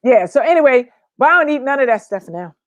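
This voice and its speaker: A playful woman co-host with a high voice chatters and laughs through a casual online show. She keeps slipping into joking accents. The sound is dry and close. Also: animated, fast talker, no room sound, muffled recording.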